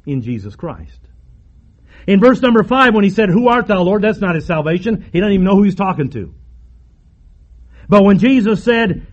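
Emphatic high-voiced preacher, dull recording. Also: male voice. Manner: emphatic, repetitive preaching with dramatic pauses. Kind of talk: sermon.

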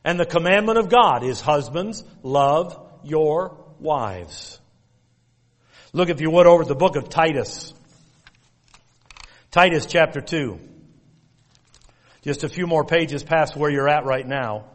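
A middle-aged pastor preaches a sermon in a church sanctuary, his voice a little high with a moderate pace and long pauses. He tells folksy stories and repeats commands with emphasis. The recording carries the long reverb of a church hall.

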